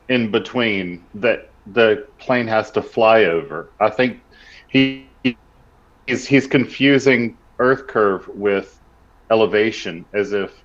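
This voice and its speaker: A man chatting casually on a live stream, working through ideas out loud with halting restarts. His mic sounds dull and lo-fi. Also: on the low side. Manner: halting, restarts when thinking aloud.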